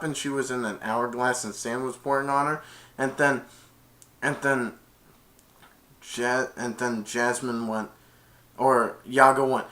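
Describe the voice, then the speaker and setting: A man's voice: medium pitch, fairly even intonation, a little slow, a bit bright. A man retelling a movie plot in a casual, rambling way, stringing events with "and then". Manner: rambling, many "and then" restarts. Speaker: movie reviewer.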